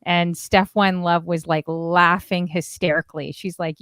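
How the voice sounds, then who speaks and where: A woman's voice: lowish voice, fairly even intonation, measured pace, few pauses, fairly bright tone, no room sound. A woman hosting a casual group call on her stream, chatty and gushing, laughing often. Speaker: stream host and DJ.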